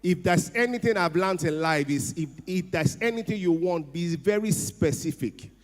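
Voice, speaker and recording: A middle-aged Nigerian man with a slightly high-pitched voice tells a humorous story on stage. His delivery is animated and full of laughs, and he dips into a hushed voice for quoted lines. The sound rings with the long reverb of a large hall. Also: moderate pace. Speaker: speaker at a ceremony. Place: event hall.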